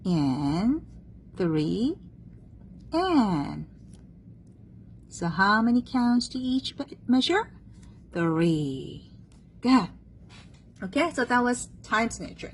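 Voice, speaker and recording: A woman's voice: mid-range voice, sing-song, takes it slowly, pauses often, slight background noise, low-quality recording. A woman teaching a one-on-one music theory lesson, patient and checking understanding often, having the student repeat terms after her.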